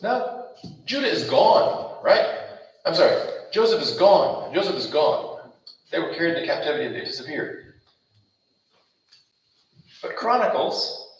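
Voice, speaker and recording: A man preaching a Bible study in a strongly echoing church hall, heard from some distance off the mic with a faint hiss behind him. His voice sits a little high for a man, and he presses his points with repetition and rhetorical questions. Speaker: pastor. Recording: roomy echo, mic far off, faint noise.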